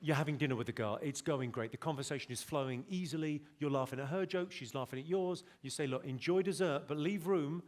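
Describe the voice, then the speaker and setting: A man's voice: medium pitch, quick pace, few pauses, slight background noise. A man doing stand-up on a big theater stage, lecturing an audience member in a dry, mock-stern way. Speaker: stand-up comedian. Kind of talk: stand-up comedy set. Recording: live show with loud crowd laughter.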